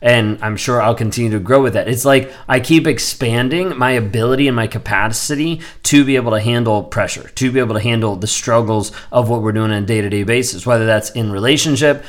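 A man's voice: medium pitch, a bit bright. A man in his thirties talking earnestly in a reflective personal vlog, rambling with frequent fillers. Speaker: vlogger.

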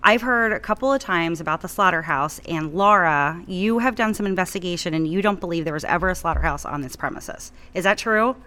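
A woman hosting a podcast interview, teasing and asking quick follow-up questions. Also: fairly low pitch, pushed and bright. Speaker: podcast host.

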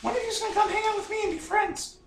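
A woman's voice: extremely high pitch, very fast. A woman playing a tabletop game, talking in a playful, goofy, boastful way. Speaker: tabletop player. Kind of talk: casual in-character play. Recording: roomy, distant mic with faint noise.

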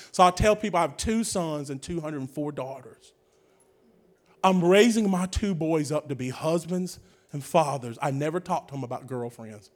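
A man preaching a sermon in a church, telling funny stories and breaking into shouts. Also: a little high. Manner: humorous storytelling, bursts into shouts. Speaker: guest preacher. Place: church with a praise band.

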